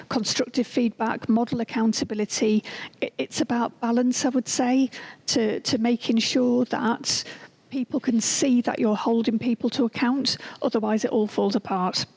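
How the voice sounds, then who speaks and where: A middle-aged woman with a slightly raised pitch speaks as a guest on an interview podcast. She tells earnest workplace stories, sometimes acting out what people said. Her voice stays steady and sincere. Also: low-quality recording. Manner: earnest, acts out quoted dialogue. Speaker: school principal, guest. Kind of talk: podcast interview, anecdotal storytelling.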